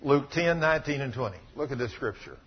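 A man preaches a sermon in a medium-pitched, husky voice, speaking a little fast. He tells stories animatedly and voices the people in them, and the sound is lo-fi.

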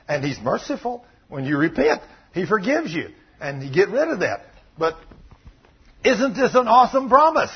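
A muffled recording captures a man preaching at a moderate pace in a high, slightly rough voice. He tells his stories with animation and takes on the voices of their characters.

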